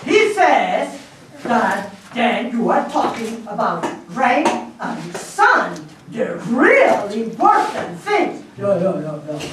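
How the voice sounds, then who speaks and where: A woman's voice: medium pitch, very animated, takes it slowly, fairly bright tone. A woman playing a playful go-between who relays a native's questions, stammering and giggling in a live puppet show. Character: laughing go-between translating for a native. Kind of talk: live puppet theater performance. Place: live stage before an audience. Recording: very echoey, distant mic, faint noise.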